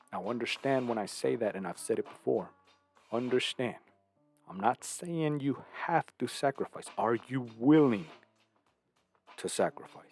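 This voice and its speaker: A man's voice: mid-range voice, animated, unhurried, long pauses, a little mellow, soft background music. A man hosting a casual monologue, preaching his views and asking "right?" again and again, sometimes acting out other people. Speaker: host.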